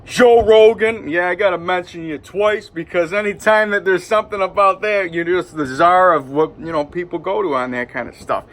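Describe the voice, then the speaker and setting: A man's voice: high-pitched, fairly quick, hardly any pauses, sharp tone. A man with a Detroit accent rambling in a loose, hyped-up vlog monologue from home, full of fillers. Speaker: vlogger. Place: indoors at home.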